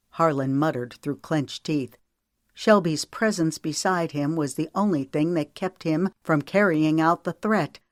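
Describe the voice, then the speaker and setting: A woman narrating an audiobook in a steady, measured reading style. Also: low voice, dry recording, studio quality.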